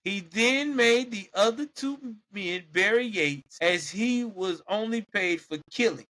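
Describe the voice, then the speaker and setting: A man's voice: high voice, animated, a little slow, bright, forceful tone. A man hosting a podcast, telling a true-crime story casually and animatedly, with exclamations and laughter. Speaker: podcast host.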